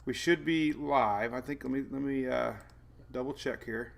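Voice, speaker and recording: A man's voice: mid-range voice, moderate pace, creaky. A man hosting a live weather stream from home, chatting casually in a rambling, jokey way. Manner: rambling, jokey, self-deprecating with frequent laughs. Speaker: weather show host.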